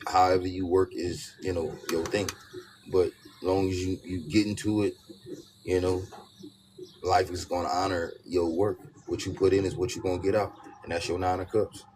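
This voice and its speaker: A man giving a casual tarot reading, talking emphatically and repeating his points with many "you know what I'm saying" asides. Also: deep voice. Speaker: tarot reader. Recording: steady background noise with birdsong.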